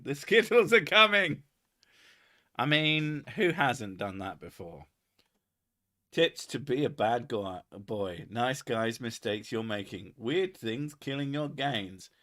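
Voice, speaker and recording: A man's voice: medium pitch, animated, a little slow, fairly bright tone. A young man, hosting a casual comedy chat in a crude, sarcastic manner full of swearing. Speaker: podcast host.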